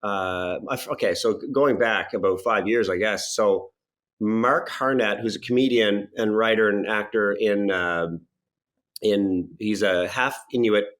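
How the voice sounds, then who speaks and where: A man, an actor and comedian, chatting as a podcast guest and telling stories in a lively way with frequent restarts. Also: on the low side, measured pace. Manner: lively storyteller with laughs and restarts. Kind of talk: casual podcast interview.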